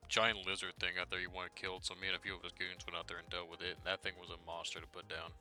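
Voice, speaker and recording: A man's voice: sits low, monotone, fast, over music. A man chatting in character during a role-play game, rambling and trailing off mid-sentence.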